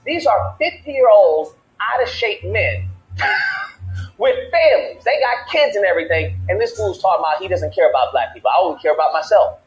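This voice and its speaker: A man's voice: high voice, expressive, normal speed, roomy sound, low-quality recording. A man hosting a casual talk show, telling a heated story and acting out both sides of the argument. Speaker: podcast host. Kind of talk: animated storytelling rant.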